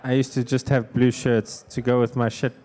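A South African man at an even, middle pitch, trading jokes in casual podcast chat. His humour is dry and deadpan, and he tells stories as if they were nothing special. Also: moderate pace. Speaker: comedian guest.

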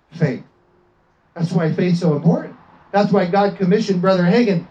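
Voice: medium pitch, lively intonation, moderate pace, warm tone, poor audio. A preacher giving a fervent sermon, often asking the congregation for an amen and slipping into acted quotes.

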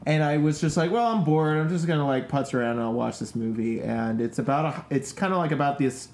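A man's voice: fairly high pitch, brisk, a little mellow, a little hiss or hum. A man co-hosting a podcast, chatting in a loose, meandering way with hesitant restarts. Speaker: podcast co-host. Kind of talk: casual chat. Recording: roomy echo.

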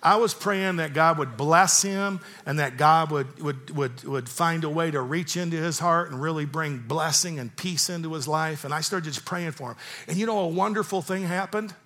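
A man's voice: on the high side, normal speed, hardly any pauses, pushed and bright. A man in his fifties preaching a sermon, telling a personal story with earnest emphasis and repeating key phrases. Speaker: pastor.

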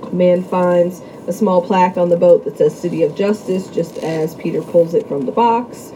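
A woman's voice: fairly low pitch, fairly even intonation, normal speed, mellow, slight background noise, poor audio. A woman co-hosting a podcast, reading out a movie's plot in a casual chat and laughing often. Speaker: podcast co-host.

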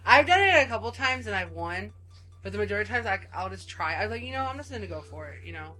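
A woman's voice: mid-range voice, fast. Chatty woman with faint music behind. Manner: chatty and animated, with lots of "like" fillers. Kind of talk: casual chat.

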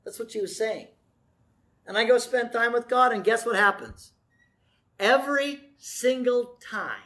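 A middle-aged man preaching a sermon in a folksy way, with joking asides, slowing down to stress key words. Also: very high voice, bright, forceful tone. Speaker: pastor.

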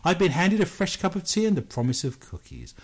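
Animated British man hosting a radio show. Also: high-pitched, a little fast, slightly rough. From Britain. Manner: playful, jokey, self-mocking. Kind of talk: paranormal news radio show.

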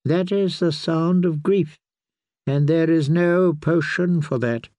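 Man doing a slow, quiet, weary old sage, gentle and measured. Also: on the high side, no echo, voice pushed up. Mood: gently grave. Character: very old, wise male healer, gentle and weary.

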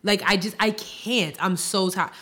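A woman's voice: mid-range voice, steady tone, a little slow, sharp tone, slightly rough. A woman co-hosting a podcast in casual chat, talking in an exasperated, emphatic way and repeating herself. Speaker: podcast co-host.

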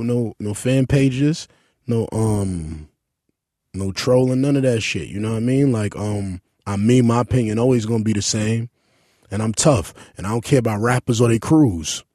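A man hosting a casual chat, talking in a brash, profane way and jumping into high-pitched outbursts while telling stories. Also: normal speed, warm tone, no room sound, studio quality.

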